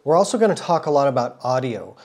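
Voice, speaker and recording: A man's voice: medium pitch, big pitch swings, fast talker, darkish tone. Man with a cold explaining camera gear. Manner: friendly, thorough, repeats words for stress. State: has a cold. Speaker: motorcycle vlogger. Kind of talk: casual explanatory vlog talk.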